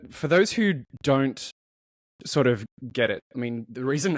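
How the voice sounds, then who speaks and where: A man's voice: on the low side, no echo. Chatty man hosting a podcast. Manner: chatty, self-interrupting. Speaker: podcast host. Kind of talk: casual chat.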